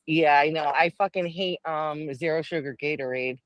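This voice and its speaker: A woman's voice: deep voice, normal speed, dry recording, highs cut off. A woman calling into a live stream, chatty and teasing. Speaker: guest caller on a live stream. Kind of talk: casual live-stream chat.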